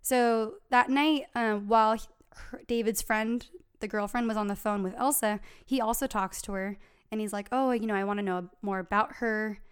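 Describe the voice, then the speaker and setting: A woman's voice: mid-range voice, fairly even intonation, moderate pace, clear, resonant tone. A young woman co-hosting a podcast, telling a true crime story in a casual, chatty way with lots of fillers.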